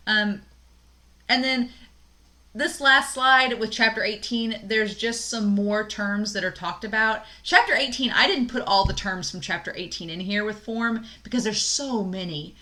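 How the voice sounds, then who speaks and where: A woman lecturing on poetry in a recorded class video, her voice bright and clear. She explains in a relaxed, chatty way, pausing with fillers and laughing lightly now and then. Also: mid-range voice. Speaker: college English instructor.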